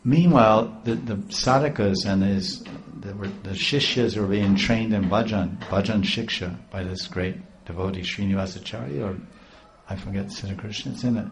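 A man's voice: fairly low pitch, normal speed, a little hiss or hum. A man telling a devotional story in a rambling, repeating way. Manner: rambling, with many restarts.

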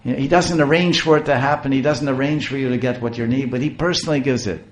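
A man's voice: mid-range voice, quick pace, pitched above the performer's own voice, lightly acted. A man voicing a poor scholar husband who stammers in bewilderment and speaks fervently. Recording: roomy echo.

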